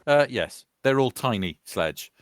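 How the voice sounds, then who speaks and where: A man's voice: medium pitch, lively intonation, measured pace, no echo. A British man in his fifties from Wales, chatting over online voice chat with friends in a rambling, easygoing way, laughing as he tells stories. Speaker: soldier chatting with gaming friends. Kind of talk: casual voice chat.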